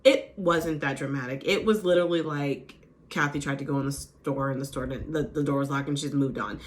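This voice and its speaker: A woman hosting a casual reality TV recap, chatty and animated, who often slips into quick impressions of the cast. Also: sits low. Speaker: recap host.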